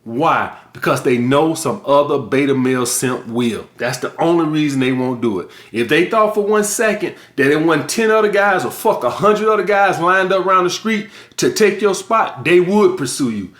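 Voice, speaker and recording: A high-voiced middle-aged man talks straight to his viewers in a blunt, profane monologue, hammering his points home. His voice bounces around an echoey room. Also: lively intonation, moderate pace, few pauses, a bit bright. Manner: profane, emphatic, lecturing. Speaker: vlog host.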